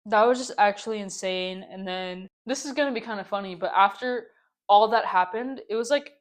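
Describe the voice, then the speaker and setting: A woman's voice: mid-range voice, fairly quick. A young woman hosting her own podcast, venting in a casual story-time ramble full of "like" and exasperated repeats. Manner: exasperated, ranting, lots of "like". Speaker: podcast host.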